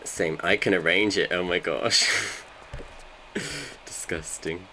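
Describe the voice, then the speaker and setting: Deep-voiced man, joking streamer. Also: animated, takes it slowly, sharp tone, a little hiss or hum. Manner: joking, bantering with chat. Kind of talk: casual live gameplay chat.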